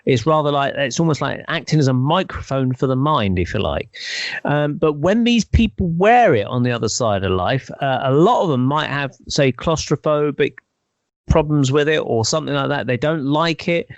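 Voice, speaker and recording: A man's voice: fairly high pitch, lively intonation, normal speed, dry recording. A man in casual conversation, explaining at length in a thoughtful, hedging, speculative way. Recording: dull, dry lo-fi recording.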